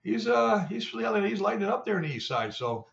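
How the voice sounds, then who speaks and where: A man's voice: high voice, sing-song, normal speed, gravelly. Older guy, ex-player, rambles and swears telling old footy stories, muffled lo-fi sound. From Canada. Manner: rambling, salty storytelling with mimicry. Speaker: former player, show analyst. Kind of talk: casual sports talk.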